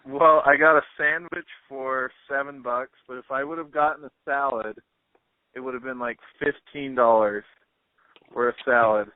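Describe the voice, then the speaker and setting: Chatty host on a tinny line. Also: male voice, medium pitch, steady tone, moderate pace, no echo. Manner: easygoing, chatty, many fillers. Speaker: podcast host. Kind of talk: casual interview chat. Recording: dry, tinny phone-like line.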